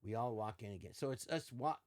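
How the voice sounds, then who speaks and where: An older man appears as a podcast guest, swapping stories in relaxed conversation and bringing quoted lines to life with changing voices. His medium-pitched voice moves fast and sounds animated, captured in a dry, studio-quality recording.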